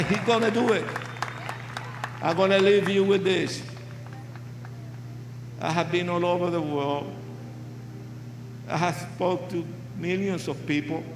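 An older man preaching a testimony sermon with English, impassioned and shouting at the peaks. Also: high voice, background noise. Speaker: evangelist. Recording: roomy hall sound.

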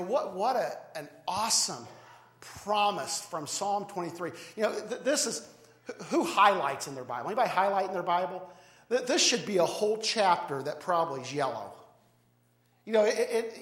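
Pastor guy with a high voice giving a sermon, chatty, keeps restarting his words, echoey church. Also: big pitch swings, normal speed, a bit bright. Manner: conversational preaching, frequent repeated words and restarts. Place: church sanctuary.

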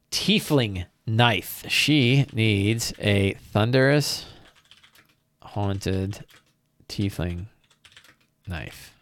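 A man's voice: medium pitch, dry recording, studio quality. A man acting as game master, casually thinking aloud on a livestream, often checking in with "right?" and restarting his phrases. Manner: frequent restarts and repeated words.

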